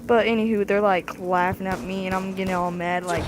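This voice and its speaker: A male speaker casually telling a rambling, animated story about his childhood while someone plays a video game. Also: high voice, fairly quick, few pauses, noisy background. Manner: rambling, animated, with lots of "anywho". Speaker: storyteller over gameplay.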